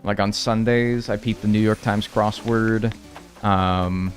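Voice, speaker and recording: A man's voice: fairly low pitch, fairly even intonation, takes it slowly, faint music behind. A young man streaming a life-sim game, rambling casually and answering chat with self-deprecating humor.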